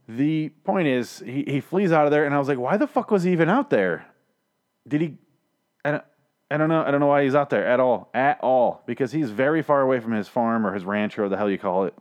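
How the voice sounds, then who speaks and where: A man's voice: medium pitch, darkish tone. A man hosting a show that recaps TV episodes, talking casually in a profane, exasperated and sarcastic way from a home studio. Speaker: TV recap podcast host.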